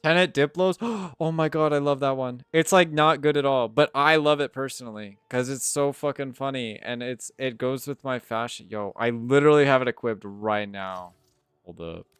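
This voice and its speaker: A man's voice: medium pitch, moderate pace, smooth, no room sound, clean studio sound. A male live streamer chatting casually with his viewers, swearing freely and drifting off topic. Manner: swearing, animated, easily sidetracked. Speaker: live streamer answering chat.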